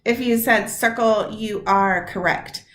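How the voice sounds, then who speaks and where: Woman teacher recording a chatty lesson for her class on a computer mic, medium pitch, roomy echo. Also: fairly bright tone. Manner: chatty, direct address to students, drawn-out examples. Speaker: high school English teacher.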